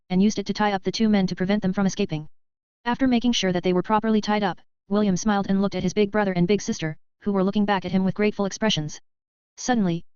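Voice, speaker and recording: Woman narrating an audiobook real fast, super clean voice, slightly dull dry sound. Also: medium pitch, a little mellow, clean tone, dry recording. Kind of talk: scripted narration.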